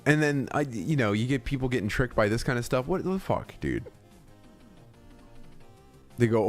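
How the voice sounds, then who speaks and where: A man's voice: mid-range voice, sing-song, normal speed, faint music behind. A young man chatting casually on a livestream, rambling and swearing, reading chat and laughing often. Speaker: streamer.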